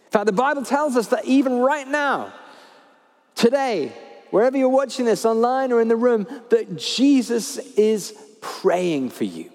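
A man preaching a sermon, speaking with lively emphasis and repeating his key phrases. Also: very high-pitched, measured pace, long reverb tail. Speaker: pastor. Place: church hall.

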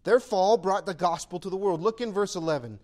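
A male pastor preaching a sermon to his church, animated and conversational, sometimes acting out imagined voices. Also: high voice, a little fast.

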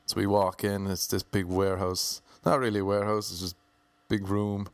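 A man's voice: lowish voice, completely flat delivery, no room sound. Irish man telling a rambling funny story. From Ireland. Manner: rambling, jokey, drops into quick mock voices. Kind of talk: casual comedic storytelling.

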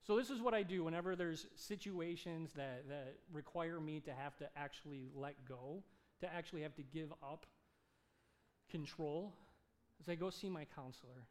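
A male pastor preaching a sermon, telling a story with animated delivery and acted-out dialogue. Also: fairly high pitch, normal speed. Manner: animated, acts out dialogue in his stories.

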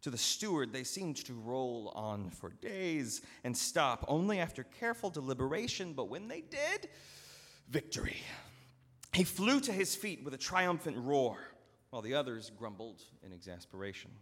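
A male pastor telling a story in a sermon with dramatic, expressive narration, recorded in a church. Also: mid-range voice, normal speed. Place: church sanctuary. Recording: long church hall reverb.

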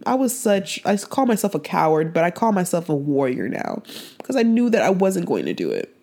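A woman's voice: on the low side, big pitch swings, fairly quick, mellow. A young woman hosting a faith-based podcast, talking in an earnest, heartfelt way that rambles and restarts. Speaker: podcast host.

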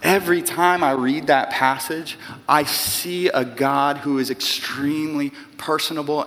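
A man in his early forties preaching a sermon in a conversational, animated way with casual asides. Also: a little high, measured pace. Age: 40s. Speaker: pastor. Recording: long hall reverb.

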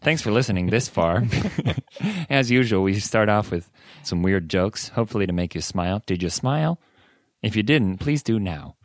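A man's voice: on the low side, lively intonation, moderate pace, dry recording, clean studio sound. A young man co-hosting a casual podcast for language learners, joking and laughing easily. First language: English. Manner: jokey, laughs often. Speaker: podcast co-host.

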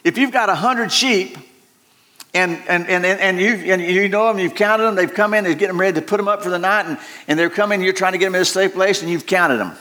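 A middle-aged man delivers a sermon in a folksy, joking way. He rambles and restarts his sentences often. His voice sits a little high for a man. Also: a little fast, sharp tone. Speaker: pastor.

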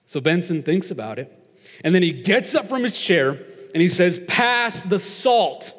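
A man's voice: fairly high pitch, big pitch swings, normal speed. Chatty young man preaching in a hall. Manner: chatty, lots of "like" fillers. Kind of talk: casual sermon with storytelling. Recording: long reverb of a large hall.

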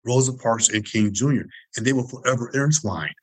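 A man's voice: medium pitch, a little fast, no echo, rough recording. A man in his sixties from Detroit, telling stories as an interview guest in an emphatic way, repeating phrases for effect. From Detroit, Michigan. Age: 60s. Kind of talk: reflective storytelling.

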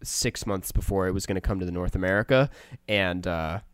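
A young man co-hosting a podcast, chatting casually and telling animated stories with frequent laughs. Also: low voice, brisk, smooth, dry recording, clean studio sound. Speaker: podcast co-host.

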